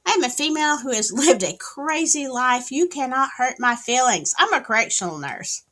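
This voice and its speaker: Southern female host, livestream hangout; bright, animated, slow-paced, sassy. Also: high-pitched. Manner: chatty, greets viewers by name, sassy asides. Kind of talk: casual livestream chat. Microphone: streaming setup, wired in.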